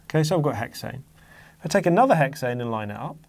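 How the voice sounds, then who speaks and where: A man's voice: medium pitch, big pitch swings, fast talker, creaky. Patient male chemistry teacher. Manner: patient, emphatic on key exam words. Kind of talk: exam-focused lesson explaining diagrams.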